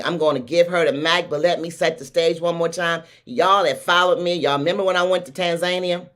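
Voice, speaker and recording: A woman's voice: on the low side, fairly even intonation, brisk, hardly any pauses, fairly bright tone. Woman, Baltimore accent, talk show host, effusive, hyped livestream intro. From Baltimore, USA. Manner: effusive, hypes up her audience.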